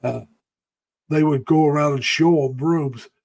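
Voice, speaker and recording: A man's voice: a little high, a little slow, a little mellow. An older man hosting a casual live stream, telling rambling, folksy stories about the past and greeting viewers by name. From United States.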